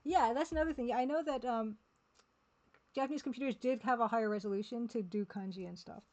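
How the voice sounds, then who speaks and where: A woman streaming a game live, talking casually and haltingly as she sounds out words one by one. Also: fairly high pitch, darkish tone, lo-fi sound.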